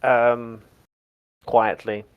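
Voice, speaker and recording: A man's voice: medium pitch, flat delivery, drawn-out words, clean tone, phone-quality sound. A man playing a tabletop game, casual and joking, swearing freely. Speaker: player.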